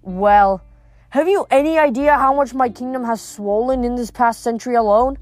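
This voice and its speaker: Brief: woman reader doing a bellowing, threatening male underworld god, a touch high. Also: moderate pace, darkish tone, no echo, natural voice. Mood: aggrieved.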